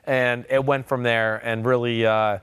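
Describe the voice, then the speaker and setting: This forties-aged former quarterback turned podcast host spins rambling, filler-heavy stories during laid-back sports chat. He speaks unhurriedly at medium pitch with a level tone that's smooth and fairly bright, recorded without echo.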